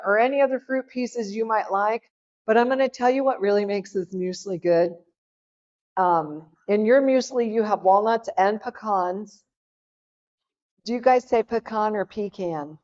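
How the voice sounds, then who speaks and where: A woman's voice: a little high, a little slow, darkish tone. A middle-aged woman from Oklahoma giving a chatty, folksy cooking talk to an audience at a health seminar. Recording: dull lo-fi sound.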